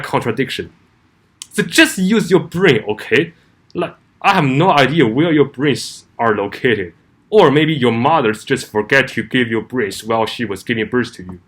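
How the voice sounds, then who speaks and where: A man speaking in a mid-pitched voice with very animated intonation. He argues his point in a vlog, stacking rhetorical questions and stumbling into restarts as he pushes on. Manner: argumentative, full of rhetorical questions, frequent restarts. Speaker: commentary vlogger. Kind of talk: opinion commentary vlog.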